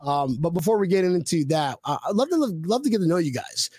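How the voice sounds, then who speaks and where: A man hosting a casual sports fan podcast, excitable and chatty with lots of fillers. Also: a little high, fast talker, breathy edge, no echo, clean studio sound. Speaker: podcast host.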